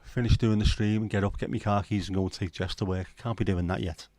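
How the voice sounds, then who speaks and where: A man's voice: fairly low pitch, fairly even intonation, fast, a little mellow, no echo. A middle-aged man hosting a casual late-night livestream, rambling and swearing as he bants with his chat from home. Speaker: livestream host.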